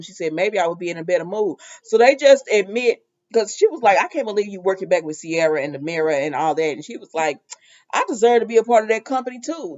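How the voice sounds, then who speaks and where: A woman's voice: on the low side, a little mellow, dull audio. A woman casually recapping a soap opera episode, retelling scenes in quoted lines and making asides to her viewers.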